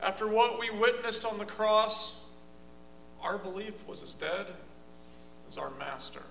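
A man's voice: high voice, expressive, a little slow, vocal fry, fairly bright tone, a little hiss or hum, heavily acted. A man playing a bitter, disillusioned male disciple in a church drama, in an echoey hall.

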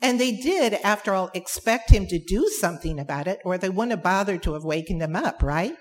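A woman preaching a sermon, emphatic, with dramatic pauses and repeated phrases. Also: medium pitch, expressive.

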